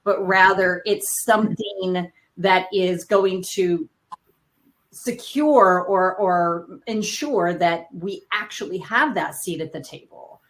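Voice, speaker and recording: A middle-aged woman hosting a live panel discussion, talking with restarts and quick asides. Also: on the low side, a little hiss or hum, poor audio. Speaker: panel host.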